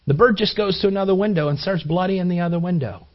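A man's voice: high voice, fast talker. A man preaching a sermon, telling a story in an earnest way and repeating words as he builds. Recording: dull lo-fi recording.

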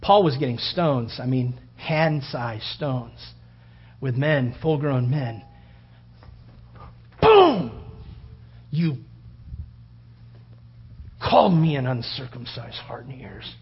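A man preaching a sermon, acting out the story with loud outbursts and hushed whispers. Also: medium pitch, takes it slowly, long pauses, husky. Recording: dull lo-fi sound.

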